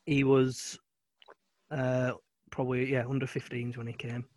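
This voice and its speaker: A man's voice: medium pitch, little pitch movement, measured pace, darkish tone, no echo. Hesitant man in casual chat. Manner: hesitant, many ums. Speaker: guest cricketer.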